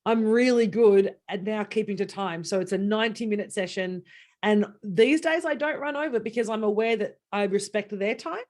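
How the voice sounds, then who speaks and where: A woman business coach hosting a casual conversation, animated and laughing often as she tells stories. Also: mid-range voice, moderate pace.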